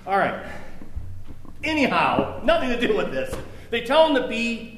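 High-voiced pastor preaching in an echoey room. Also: male voice, huge pitch swings, a little slow, fairly bright tone, slight background noise. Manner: conversational, with joking asides. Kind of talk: sermon with scripture reading.

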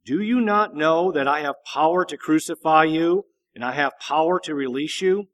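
A man voicing a stern, uneasy Roman governor in a measured, deliberate Bible reading. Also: a little high, lightly acted. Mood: grave.

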